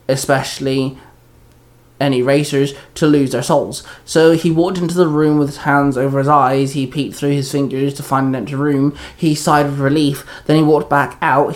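A man reading a fan-fiction story aloud in a plain, steady way with small slips. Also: medium pitch. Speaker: reader.

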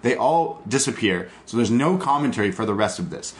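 A man hosting a podcast, excitedly recapping a wrestling show in casual chat, swearing and laughing. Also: on the low side, fairly quick. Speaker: podcast host.

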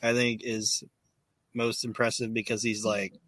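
Bright-voiced profane podcast host. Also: male voice, fairly low pitch, little pitch movement, measured pace, dry recording. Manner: profane, filler-heavy retelling. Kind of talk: casual recap chat.

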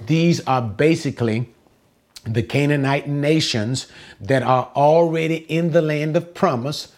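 A man's voice: on the high side, a little mellow. Man teaching a Bible lesson. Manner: asks rhetorical questions and answers them; repeats words for emphasis. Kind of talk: verse-by-verse Bible study lesson.

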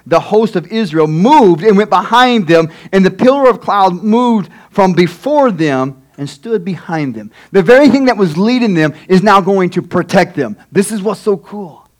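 A pastor reading scripture and preaching a sermon, emphatic and acting out the people in the story. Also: male voice, sits high. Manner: acts out characters in quotes, emphatic.

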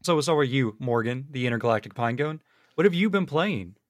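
A man's voice: medium pitch, expressive, brisk, dry recording. A man hosting a casual gaming podcast, steering the talk in an easygoing way. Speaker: podcast host.

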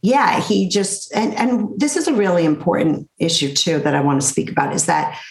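A middle-aged woman, a therapist, telling her story in an interview with blunt, animated delivery. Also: fairly low pitch, moderate pace, gravelly, reverberant, rough recording. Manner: animated, blunt storyteller who acts out quotes.

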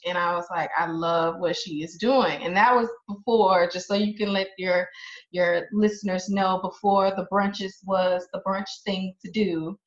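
A woman's voice: lowish voice, echoey room, highs cut off. A woman guest on a podcast, chatting enthusiastically about the host's work. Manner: warm, enthusiastic, fangirling. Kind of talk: casual interview chat.

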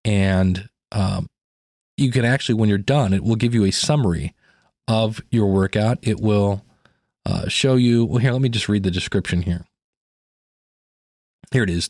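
A man's voice: lowish voice, normal speed, long pauses, a little mellow, no echo, studio quality. A man hosting a podcast, talking through a gadget review in a casual, chatty way with fillers and restarts. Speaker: podcast host.

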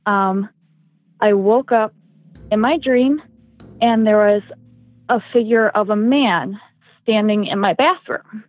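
A woman's voice: mid-range voice, slow, pauses often, no echo. A young woman chats casually as a podcast guest, rambling along with plenty of "like" and "um" fillers. Her voice comes through thin and tinny, like a phone line, and sits dry and close with no room sound around it. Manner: rambling, heavy use of "like" and "um". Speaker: guest storyteller.

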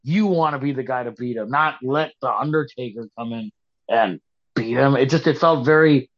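A man's voice: mid-range voice, normal speed. A man co-hosting a casual wrestling chat, rambling and restarting his sentences, skeptical in tone. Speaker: podcast co-host. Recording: dull lo-fi podcast audio.

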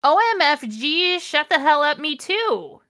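A woman reading out a melodramatic teenage goth girl in a shrill, over-the-top voice. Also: big pitch swings, a little fast, fairly bright tone, full character voice. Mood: shrieking.

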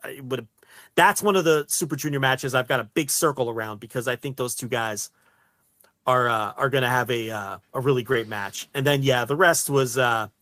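A man's voice: medium pitch, moderate pace, sharp tone, no echo. A man co-hosting a wrestling podcast, chatting casually with many fillers and restarts. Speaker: podcast co-host.

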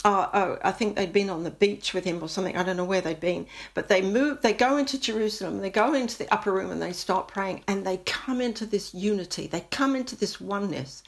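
A woman giving an earnest, impassioned Christian testimony, sometimes dropping to a soft near-whisper when moved. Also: mid-range voice, fairly quick, gravelly, few pauses. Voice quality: earnest, prayerful, rising to fervent intensity.

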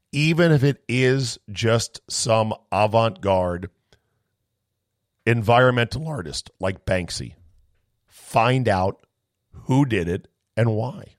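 A man hosting a podcast, ranting in a sarcastic, incredulous way and firing off rapid questions with some swearing. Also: fairly low pitch, no echo, studio quality. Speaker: podcast host. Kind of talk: animated comic rant and chat.

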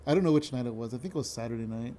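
A man's voice: mid-range voice, rapid-fire, warm tone. A young adult man hosting a podcast, telling a rambling, self-interrupting story with casual swearing. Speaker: podcast host.

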